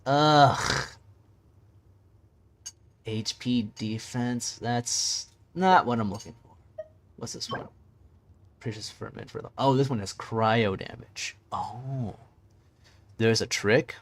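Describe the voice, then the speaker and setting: A man's voice: medium pitch, slow pace, pauses often, slight background noise. A man streaming a video game, chatting casually with his viewers and muttering to himself as he searches through menus. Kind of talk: casual gameplay chat.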